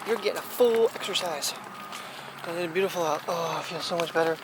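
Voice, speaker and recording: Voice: medium pitch, brisk. Casual vlogger out walking the puppy, talks to the dog all playful, phone cam, noisy outside. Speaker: daily vlogger. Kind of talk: casual vlog chat while walking a dog. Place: outdoors in a breezy park playground. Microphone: phone camera. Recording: outdoor recording with clear background noise. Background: wind and leaves, passing vehicles.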